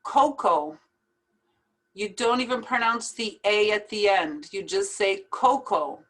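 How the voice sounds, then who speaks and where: A woman teaching English pronunciation, saying each word slowly and repeating it carefully. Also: mid-range voice, a bit bright. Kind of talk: slow pronunciation lesson.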